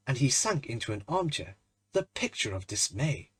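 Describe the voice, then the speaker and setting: A man narrating a classic short story in an expressive, measured reading. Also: medium pitch, husky, no echo.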